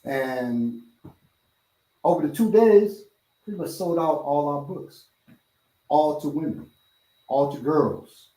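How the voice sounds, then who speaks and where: A middle-aged man, a martial arts instructor and host, telling stories in casual chat and acting out other people's lines loudly. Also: on the high side, takes it slowly, long pauses. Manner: animated, acts out quoted voices loudly. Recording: roomy sound from a distant mic.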